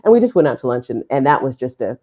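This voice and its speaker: A woman sports announcer with a bass voice races through a story in a podcast interview, recorded on a podcast microphone with the highs cut off. She tells it with feeling, animatedly acting out the dialogue of the people involved.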